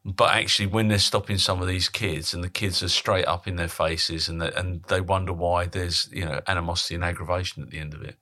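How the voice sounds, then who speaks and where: A male podcast host who chats freely and often restarts mid-sentence. His voice sits very low yet sounds bright and forceful. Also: steady tone, a little fast, few pauses. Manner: chatty, with frequent restarts. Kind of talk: casual interview chat.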